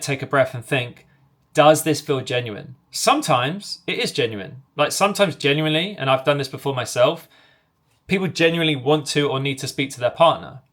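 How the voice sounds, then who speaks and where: Commanding male sales coach, fairly high voice. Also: fairly bright tone. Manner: acts out both sides of sales calls in quick back-and-forth; direct, commanding delivery. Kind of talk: instructional talk to camera.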